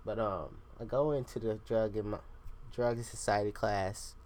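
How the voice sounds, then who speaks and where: A man's voice: lowish voice, fairly even intonation, normal speed, a little mellow, slight background noise. A young man hosting his own podcast, rambling casually with lots of swearing and tangents. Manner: profane, digressive, self-deprecating. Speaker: podcast host.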